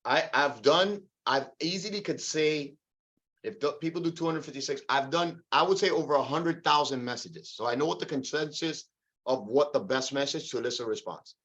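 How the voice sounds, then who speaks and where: Man, sales meeting coach, high-ish voice, energetic, calls people out by name, dull lo-fi call audio. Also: normal speed. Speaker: real estate broker leading a sales meeting.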